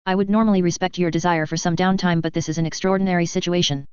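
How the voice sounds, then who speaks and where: Woman reading a cultured, calm man fixer. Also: fairly low pitch, fast, clear, resonant tone, dry recording, highs cut off, lightly acted. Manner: calm, formal and courteous.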